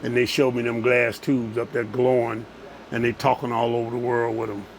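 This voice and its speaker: A man's voice: mid-range voice, flat delivery, moderate pace, slight background noise. A man hosting a casual shop chat about radio amplifiers, loose and colloquial, joking with callers. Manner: loose, colloquial talker who jokes with callers. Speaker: show host.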